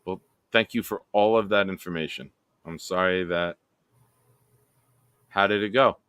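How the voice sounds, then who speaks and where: A man's voice: deep voice, a little slow, fairly bright tone, smooth, no echo. A man hosting a casual livestream, joking around and reading chat comments aloud. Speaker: livestream host.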